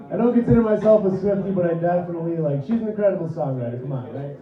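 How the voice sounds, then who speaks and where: A man in his thirties doing a loose, profane stand-up comedy set on a club stage, often laughing at his own jokes. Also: sits high. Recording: roomy, distant, dull club recording.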